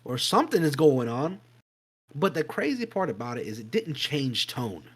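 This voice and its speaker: A man co-hosting a podcast, telling a spooky story in a casual, animated way, swearing freely and acting out voices and sounds. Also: medium pitch, normal speed, breathy edge, rough recording. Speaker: podcast co-host.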